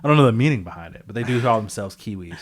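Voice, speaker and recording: A man co-hosting a podcast in loose, casual chat. His pitch jumps around as he talks, and he swears now and then while he works out his thoughts aloud. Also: rapid-fire. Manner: animated, swearing, thinks aloud. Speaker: podcast co-host.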